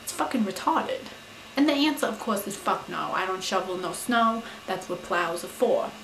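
A woman playing a brash, foul-mouthed young Staten Island woman with a New York accent, who rants loudly and says "you know" a lot. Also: mid-range voice, moderate pace, a little hiss or hum, lightly acted. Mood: indignant, ranting. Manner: loud, profane, indignant, full of "you know". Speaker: advice-giving vlogger character. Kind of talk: comic character monologue to camera. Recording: roomy echo.

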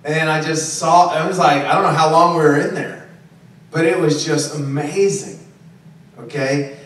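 A man's voice: a little high, steady tone, moderate pace, fairly bright tone. A man preaching a sermon in a conversational style, often checking in with listeners by asking "okay?" and "right?". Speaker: pastor. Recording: very echoey, distant room recording.

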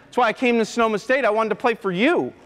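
A man voicing a concerned young male former player, who speaks gently and pleads, in a lower and softer voice. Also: quick pace. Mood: pleading. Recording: long hall reverb.

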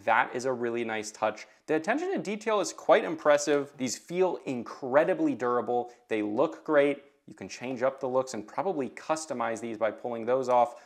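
A man's voice: medium pitch, expressive, normal speed, hardly any pauses. A man reviewing a gaming headset, unboxing it and thinking aloud with eager enthusiasm, then moving into a scripted review voice-over. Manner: enthusiastic, thinking aloud while handling the product. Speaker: tech reviewer.

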